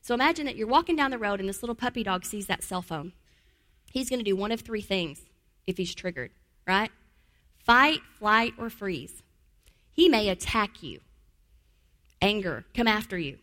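A woman teaches trauma-informed care in a middle-pitched voice. She repeats key phrases for emphasis and often lowers into a calm, gentle tone to show how to soothe a child. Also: fairly quick. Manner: drops to a calm, soft voice to model soothing words. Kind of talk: teaching talk.

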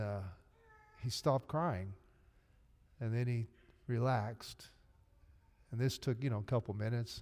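A man's voice: on the low side, a little mellow. A man preaching a sermon as pastor, telling an emotional story in an earnest, heartfelt way. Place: church sanctuary. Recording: long reverb of a church hall.

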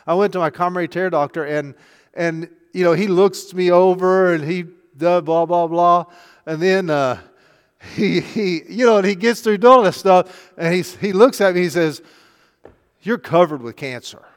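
A man's voice: high voice, steady tone, normal speed, smooth. An older man, a pastor, preaching a chatty sermon full of rhetorical questions. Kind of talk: conversational sermon. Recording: long hall reverb.

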